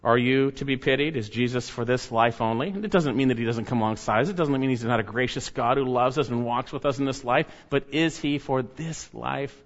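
A man preaching a sermon, stressing key words loudly and dropping to quiet, low asides. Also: fairly quick, few pauses, dull audio. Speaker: pastor.

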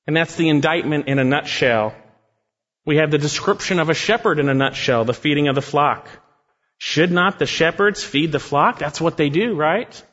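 A man preaching an expository sermon, emphatic, repeating phrases for weight and slowing down on key words. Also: on the high side, fairly bright tone. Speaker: pastor. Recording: muffled sound with long hall reverb.

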